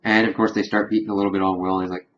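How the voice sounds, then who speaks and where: A man's voice: on the low side, level tone, very fast, muffled recording. A man giving a casual spoiler recap review of a TV episode, loosely retelling scenes with "he's like" quotes and fillers. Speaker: TV show reviewer.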